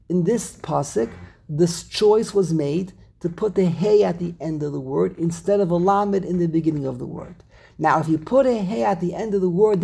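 A man's voice: high voice, creaky, darkish tone, slightly rough. A man teaching a classroom lesson on Hebrew grammar, explaining step by step and repeating words as he thinks. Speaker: Torah teacher.

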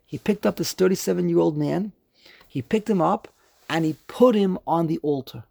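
A man leads a religious study class with emphatic, animated questions, drawing out quoted verses in a slow chant. His voice sits a little high with a gravelly edge. The recording is close and dry. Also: no room sound. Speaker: rabbi teaching a class.

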